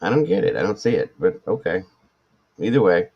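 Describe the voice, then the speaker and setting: A man in his forties chats casually on a live stream, answering viewers in a rambling, self-mocking way full of restarts. His voice sits low and deep. The audio is dull and lo-fi. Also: sing-song, brisk. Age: 40s. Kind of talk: casual chat reading viewer comments.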